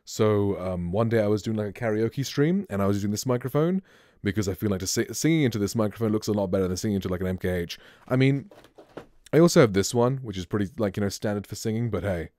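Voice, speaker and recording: A man's voice: on the low side, fast talker, dark tone, no room sound. A man streamer giving a casual, rambling microphone review, speaking close to a studio mic at his home streaming setup. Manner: laid-back, rambling.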